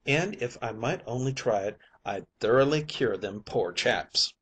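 A man voicing a husky, crafty ship's mate. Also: medium pitch, lively intonation, a little slow. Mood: coaxing. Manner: persuasive, wheedling. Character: crafty ship's mate, male, middle-aged, cocksure. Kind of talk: audiobook character voice.

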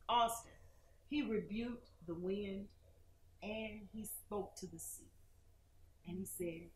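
A woman minister preaching on a TV broadcast, dramatic and questioning, swinging between loud and soft. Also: medium pitch, slow, pauses often, roomy sound, slight background noise. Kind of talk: preaching sermon with call-and-response.

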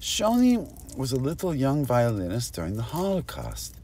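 A man's voice: medium pitch, huge pitch swings, moderate pace, darkish tone, slight background noise. A man delivering a rambling improvised comic monologue, jumping between topics and cutting himself off. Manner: rambling, jumps between topics, self-interrupting. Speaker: comedic monologuist.

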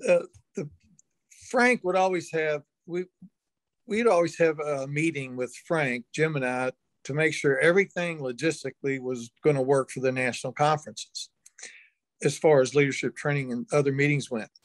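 Older male guest, folksy anecdotal storyteller, a bit high-voiced, dry close sound. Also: normal speed, no room sound. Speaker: interview guest. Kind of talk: storytelling in an interview.

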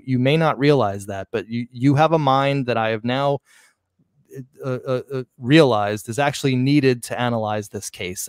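A man's voice: mid-range voice, clear, resonant tone, no echo, clean studio sound. A man hosting a casual live-streamed chat, talking in a rambling way that often restarts sentences. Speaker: host.

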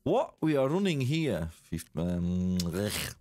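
Lively man streaming a game. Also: medium pitch, takes it slowly, faint music behind. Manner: exclaims, laughs and chats with viewers. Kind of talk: casual live-stream gaming chat.

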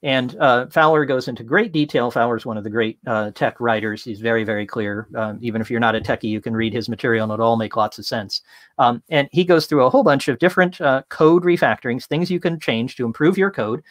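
A man giving an interactive talk from home as a tech consultant, casual and full of fillers, telling lively stories. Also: medium pitch, fairly quick, dry recording.

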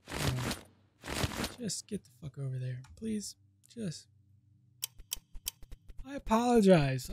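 A man's voice: a little high, very animated, takes it slowly, gravelly, pauses often, background noise. A man playing a video game and commenting on it through a headset, irritated and swearing, muttering and then bursting out at the game. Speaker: gaming channel host. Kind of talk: let's play commentary.

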